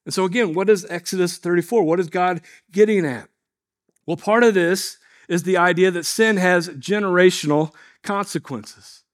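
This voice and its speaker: A man preaching a sermon as a pastor, earnest and measured, posing rhetorical questions to his listeners. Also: sits high.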